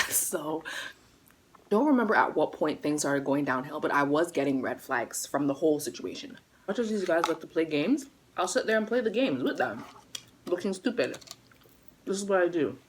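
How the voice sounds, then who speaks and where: A young woman telling a casual storytime, chatty and animated, acting out the people she quotes. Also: sits low, moderate pace, a little hiss or hum, low-quality recording. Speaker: vlogger.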